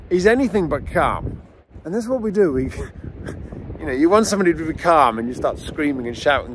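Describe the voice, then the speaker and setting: Animated man telling dog-training stories. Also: fairly high pitch, brisk, slight background noise. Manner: animated storyteller, acts out scenes. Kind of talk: casual outdoor teaching talk with anecdotes. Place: outdoors near a beach. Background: faint outdoor ambience with waves.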